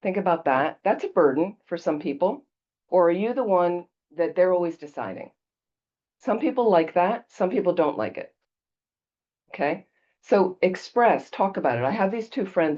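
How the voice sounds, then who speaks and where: A woman's voice: lowish voice, dark tone, muffled recording. A woman Buddhist teacher giving a casual dharma talk, telling stories conversationally and checking in with her listeners. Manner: conversational storytelling, checks in with "okay?".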